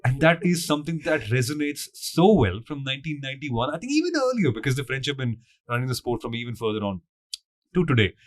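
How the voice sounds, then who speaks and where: Guy on a podcast, teasing, pitch bouncing all over, dry sound. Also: very animated, fast, no room sound. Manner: playful, teasing, addresses listeners directly. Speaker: podcast co-host. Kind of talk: casual podcast chat.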